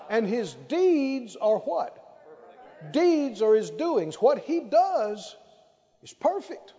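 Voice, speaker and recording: A man preaching with a high, swooping voice that ranges widely as he drives each point home. His tone is mellow and warm rather than bright, and he draws out his words slowly. The sound is muffled and lo-fi, ringing with the long echo of a large hall. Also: sing-song. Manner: emphatic, drawn-out phrases with call-and-response. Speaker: pastor. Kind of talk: sermon.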